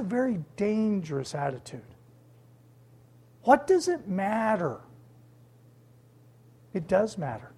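Slow, husky-voiced emphatic preacher. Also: medium pitch, big pitch swings, dark tone. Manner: emphatic, repeats key words for stress. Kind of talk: sermon.

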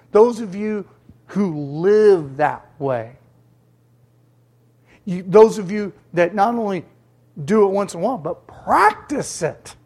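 Slow, husky-voiced emphatic preacher. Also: mid-range voice, animated, darkish tone. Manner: emphatic, repeats key words for stress. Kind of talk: sermon.

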